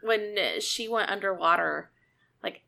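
A woman's voice: a little slow, creaky, pushed and bright. A woman co-hosting a casual TV recap podcast. She is emotional and acts out scenes she describes. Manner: emotional, re-enacts scenes with high squeaky voices. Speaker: podcast co-host. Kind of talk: casual chat.

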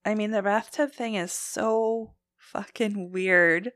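A woman from Canada co-hosting a podcast, recapping episodes in casual chat and loudly acting out quotes. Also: medium pitch, takes it slowly, no echo, clean studio sound. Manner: animated, acts out quotes loudly. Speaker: podcast co-host.

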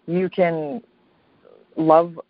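A woman's voice: sits low, flat delivery, extremely slow, no room sound. A woman who writes books, chatting reflectively in casual conversation, laughing often and ending thoughts with "right?". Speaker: podcast co-host, author. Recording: dull lo-fi dry recording.

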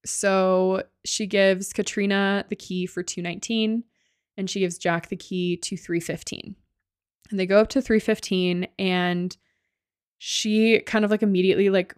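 A woman's voice: medium pitch, fairly even intonation, moderate pace, clear, resonant tone, dry recording. A woman co-hosting a podcast, casually retelling a ghost-hunting show with lots of "like" and the odd curse, on a close mic. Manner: loose, sweary storytelling with many likes. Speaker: podcast co-host.

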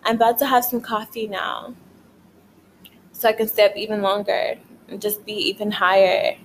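In her bedroom late at night, a young woman rambles through a casual vlog, swearing and leaning on "like" constantly, tired yet wired. Her voice sits mid-range with a steady tone and moderate pace. The low-quality recording carries slight background noise.

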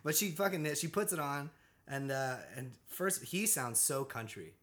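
A man's voice: fairly high pitch, animated, moderate pace, a bit bright. A man co-hosting a casual podcast chat, loose and profane, breaking into laughs often.

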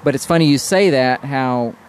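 A man's voice: medium pitch, moderate pace, a little hiss or hum. A man speaking as a brewery guest in a casual podcast conversation, easygoing and hesitant, with many fillers.

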